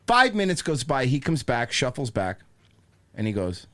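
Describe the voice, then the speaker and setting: A man on a comedy podcast spins a rant in casual, profane language. His voice swings wildly up and down as he acts out each person in the tale, sitting at a middle pitch for a man. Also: normal speed. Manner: animated, profane, mimics people in his stories. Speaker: podcast host. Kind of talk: comedic storytelling chat.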